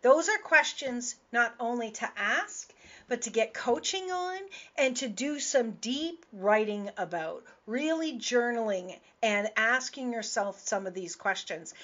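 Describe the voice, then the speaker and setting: A woman with a high-pitched, somewhat bright voice, a host and business coach, delivers a casual radio monologue. She stresses points by repeating words, and the audio is dull and lo-fi.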